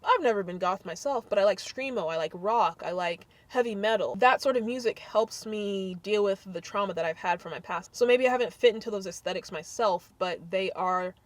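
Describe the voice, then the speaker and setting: A young adult woman talking to camera in a casual vlog, blunt and sassy with animated swings of delivery. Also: medium pitch, fairly quick, hardly any pauses, dry recording. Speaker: vlogger.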